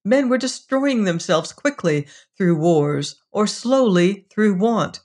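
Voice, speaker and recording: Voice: medium pitch, lively intonation, slow pace, a little mellow, pitched above the performer's own voice. A reader voicing an earnest, uneasy young man who speaks insistently.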